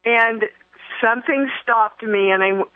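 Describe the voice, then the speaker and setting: A woman's voice: fairly high pitch, a little slow, dry recording. A woman hosting a spiritual talk radio show, speaking effusively with many fillers and restarts. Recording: tinny phone-line radio broadcast.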